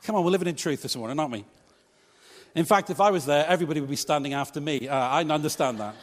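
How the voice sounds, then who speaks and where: Male pastor giving a sermon, bit of a higher voice, chatty and jokey with the crowd, long church echo. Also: quick pace. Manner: conversational, humorous asides to congregation. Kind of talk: preached sermon. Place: church hall.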